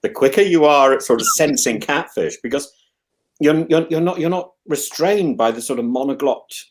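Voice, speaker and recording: A man's voice: fairly high pitch, moderate pace, slight background noise. An English man hosting a casual chat, rambling and musing, with frequent restarts and stammered repeats. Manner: musing and discursive. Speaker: host.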